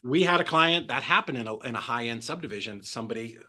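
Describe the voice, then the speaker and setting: A man talking as a podcast guest, telling animated stories and acting out quotes with big jumps in pitch. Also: fast talker. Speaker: guest, real estate transaction coordinator. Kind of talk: casual podcast storytelling.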